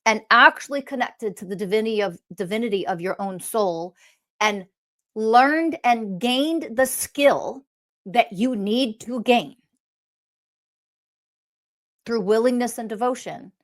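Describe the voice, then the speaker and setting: A woman's voice: on the high side, unhurried. A woman speaking as a spiritual teacher in a blunt, scolding monologue, swearing often. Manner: mocks others in quoted voices.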